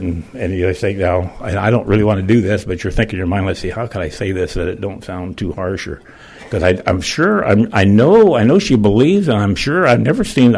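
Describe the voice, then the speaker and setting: An older man giving a plain-spoken, emotional personal testimony in church, with folksy phrasing. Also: fairly low pitch.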